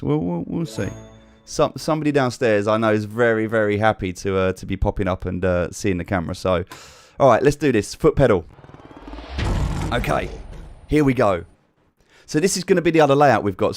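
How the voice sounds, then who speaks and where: Chatty man live streaming. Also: mid-range voice. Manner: chatty, repeats himself, talks straight to chat. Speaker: livestream host. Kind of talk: casual livestream chat to viewers. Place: upstairs room at home.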